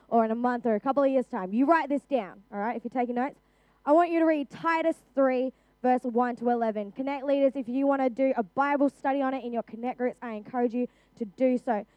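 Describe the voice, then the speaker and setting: Young Australian woman, youth preacher; high voice, earnest and chatty, dry close sound. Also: darkish tone, no echo. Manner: earnest, conversational, with frequent restarts and "like". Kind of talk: sermon.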